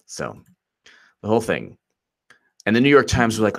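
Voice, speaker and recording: A man's voice: deep voice, animated, moderate pace, pauses often. A man hosting a live-streamed political commentary show, rambling and mocking as he laughs often.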